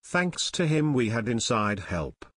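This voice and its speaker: A bald, quarrelsome thug in his thirties who grumbles and defends himself, as a male narrator puts him on. The storybook voice is dry and close, at a middle pitch. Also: very animated, unhurried, fairly bright tone, breathy edge, dry recording, heavily acted. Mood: defensive.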